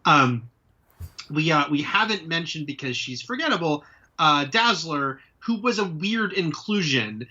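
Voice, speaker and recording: Bright-voiced chatty podcast co-host man. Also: fairly high pitch, animated, a little slow. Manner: chatty, laughs along. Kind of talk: casual pop-culture chat. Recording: dull lo-fi sound.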